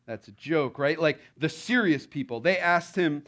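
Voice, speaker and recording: A man's voice: a little high, lively intonation, moderate pace, few pauses, a bit bright. A man preaching a sermon in a conversational, playful way, often acting out the lines he quotes. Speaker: pastor.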